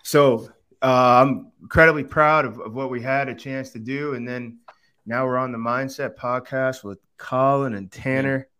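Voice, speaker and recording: Appearing as a podcast guest, a quarterback coach and former TV analyst tells animated stories at a normal, smooth speed. In this casual conversation, he voices the people he quotes with large pitch jumps.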